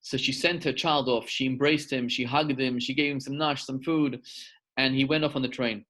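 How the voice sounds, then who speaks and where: A man's voice: medium pitch, fairly even intonation, normal speed, fairly bright tone. A middle-aged male rabbi giving a sermon over a video call, telling a story and repeating words for emphasis.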